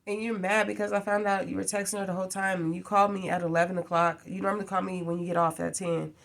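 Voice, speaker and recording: A woman's voice: medium pitch, flat delivery, fast, creaky. A woman vents to the camera in a casual vlog. She rambles, sounds exasperated and keeps firing off rhetorical questions. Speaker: vlogger.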